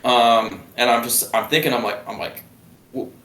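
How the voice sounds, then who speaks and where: A young man, a former submarine sailor, telling his story as a guest in a halting way full of restarts. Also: medium pitch, fairly bright tone. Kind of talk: casual storytelling. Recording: roomy, distant mic.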